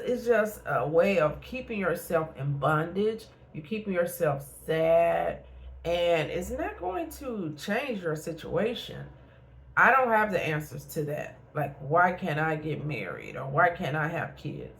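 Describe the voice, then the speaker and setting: A woman's voice: fairly low pitch, sing-song, a little slow. A middle-aged woman, a therapist and life coach, talking frankly in a casual motivational vlog and repeating points for emphasis.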